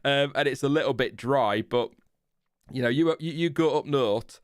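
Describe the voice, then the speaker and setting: A man from Lincolnshire with a Lincolnshire English accent, hosting a live stream in casual chat, self-mocking and quick to laugh. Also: medium pitch, smooth, dry recording, clean studio sound. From Lincolnshire, England. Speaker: livestream host.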